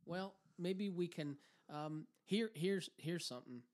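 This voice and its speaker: A man's voice: on the high side, unhurried. A man co-hosting a podcast in casual chat, profane and rambling, often laughing. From Canada. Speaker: podcast co-host.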